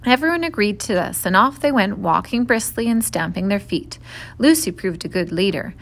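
A woman reading a children's novel aloud in a steady, clear storytelling voice. She sits at an ordinary middle pitch for a woman. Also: moderate pace. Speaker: narrator.

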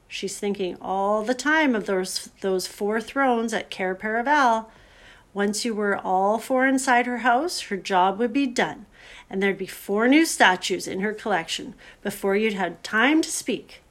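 Sensible motherly beaver wife, brisk and emphatic, storybook voice, as a woman reads her. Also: mid-range voice, a bit bright, close to an everyday voice. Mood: urgent. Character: motherly, practical female beaver.

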